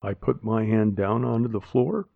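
A man narrating a story aloud in a slow, plain manner. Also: lowish voice, gravelly, no echo. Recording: dry, tinny phone-like sound.

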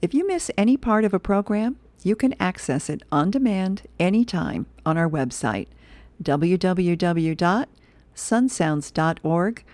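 A woman volunteer reader for a radio reading service, reading comics and history aloud in a steady, clear way. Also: lowish voice, measured pace, no room sound. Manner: steady, clear read-aloud with occasional laughs.

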